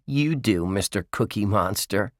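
A man's voice: fairly low pitch, animated, measured pace, no room sound, studio quality. A man voicing a friendly young boy who teases his pal. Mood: teasing.

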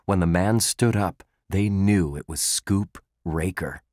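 A man narrating a children's chapter book in a measured, expressive storytelling manner. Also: sits low, no room sound, studio quality. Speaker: audiobook narrator.

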